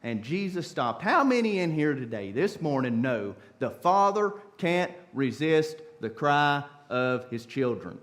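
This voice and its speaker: A preacher man delivers a sermon in a church, his voice swinging up and down with lively energy. He talks in a folksy, storytelling way, dropping casual asides to the congregation. His voice sits a touch high for a man. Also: unhurried, hardly any pauses. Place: church sanctuary.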